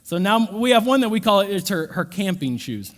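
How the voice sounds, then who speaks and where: A man's voice: sits high, fairly quick. A man, preaching a humorous sermon and telling stories with acted-out quotes. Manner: animated storytelling with quoted voices. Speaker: pastor.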